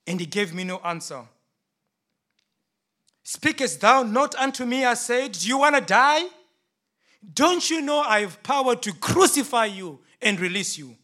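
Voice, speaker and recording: A man playing an indignant Pilate, loud and theatrical. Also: high voice, slightly rough, heavily acted. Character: Roman governor Pilate, a frustrated, defensive man. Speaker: preacher in character. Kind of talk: dramatic first-person sermon monologue.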